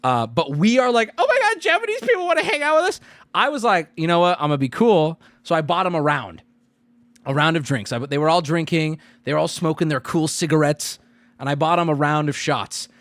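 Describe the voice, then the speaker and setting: A man streaming to his chat, telling a travel story in a lively way and jumping into squeaky put-on voices for the people he quotes. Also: brisk, no echo. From United States. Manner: lively, swings into high squeaky voices when quoting people.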